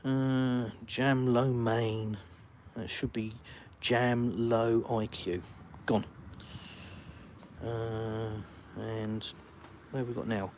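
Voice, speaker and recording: Outdoors in a village, an English-accented host from the UK answers his live stream chat, his sarcasm blunt and dry. He talks extremely slowly at a medium pitch, in a level, slightly mellow tone, with a little background noise.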